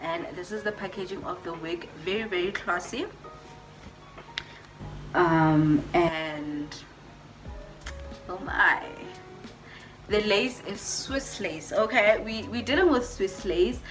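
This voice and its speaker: A woman's voice: lowish voice, slow, pauses often, a bit bright, faint music behind. A woman beauty vlogger doing a casual unboxing, gushing over each item and repeating her words as she talks to her viewers.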